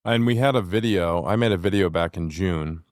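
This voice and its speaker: A young adult man co-hosting a family podcast, talking through the game in a measured, analytical way, like a sports announcer. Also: sits low, dry recording, clean studio sound. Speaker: podcast co-host. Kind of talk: casual family podcast chat.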